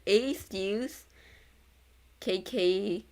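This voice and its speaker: A woman's voice: medium pitch, extremely slow, darkish tone. A young woman VTuber reading a novel aloud in a casual read-along, stumbling, correcting herself and breaking into chatter.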